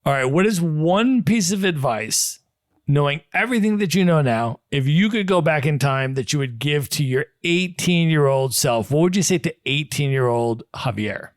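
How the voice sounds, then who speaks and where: A man's voice: fairly high pitch, animated, normal speed, dry recording. Man hosting an interview, dry sound. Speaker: podcast host. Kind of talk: interview questions.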